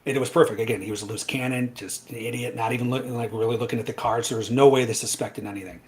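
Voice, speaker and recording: A man casually telling a long personal story, animated, with frequent asides like "right?" and "I'm like". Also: mid-range voice, rapid-fire. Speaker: trading educator guest.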